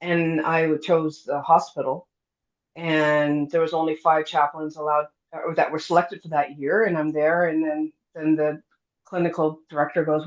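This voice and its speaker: A woman's voice: deep voice, normal speed. A middle-aged woman, telling a personal story in a casual interview, acting out the other people's lines and using lots of fillers. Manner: lively storyteller, acts out quoted dialogue, many fillers. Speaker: guest telling her near-death story. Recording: dull lo-fi sound.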